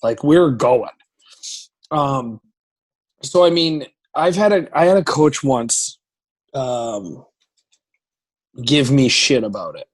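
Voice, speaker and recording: A man who is a professional hockey goaltender, a guest telling casual stories full of swearing and acting out his own shouting. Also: medium pitch, slow pace, pauses often. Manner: profane, animated storyteller who acts out shouting. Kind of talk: casual storytelling interview.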